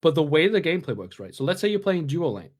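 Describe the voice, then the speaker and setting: This gaming podcast co-host walks through strategy casually and at length, his explanations broken by many filler-laden restarts. His voice is a little high and sing-song, and he talks at a quick pace.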